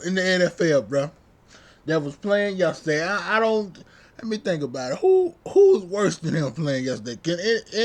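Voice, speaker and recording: A young man with a fairly high voice rants to camera as a sports vlogger, fired up and repetitive. His talk is loose, heated and full of slang fillers. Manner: heated, repetitive, says bruh constantly. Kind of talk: casual fan rant.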